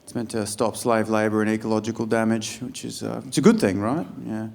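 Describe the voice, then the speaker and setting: A man's voice: steady tone, fairly quick, gravelly. A man in his forties with an Australian accent, doing blunt, sweary stand-up comedy in a large venue. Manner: blunt, swearing, jumps into loud high-pitched bits. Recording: live stage recording with audience noise.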